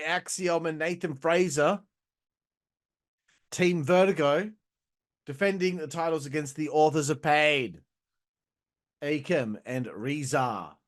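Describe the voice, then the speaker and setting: Sweary, rambling man reviewing wrestling. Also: on the high side. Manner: rambling, sweary, laughs at his own jokes. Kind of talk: casual profane video review.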